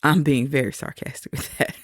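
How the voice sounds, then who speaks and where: A woman podcast host telling a personal faith testimony, slow and reflective, with soft laughs between thoughts. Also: very deep voice, breathy edge, dry recording, studio quality.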